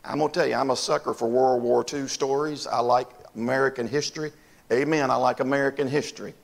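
A man's voice: mid-range voice, fairly even intonation, quick pace, vocal fry. An older man from North Carolina, preaching a sermon in a folksy storytelling way and talking straight to his congregation. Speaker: pastor.

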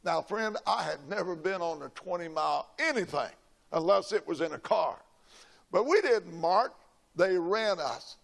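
An older preacher tells his story from the pulpit in a folksy, dramatic way. His voice sits high for a man. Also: lively intonation, normal speed, creaky. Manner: folksy, dramatic storytelling, shouting quoted lines. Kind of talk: sermon with a personal story.

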